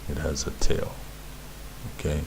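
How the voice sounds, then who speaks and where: A man's voice: a little slow, darkish tone, slight background noise. A man teaching beginners Hebrew letters, patiently repeating words and sounds as he explains. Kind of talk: instructional explanation.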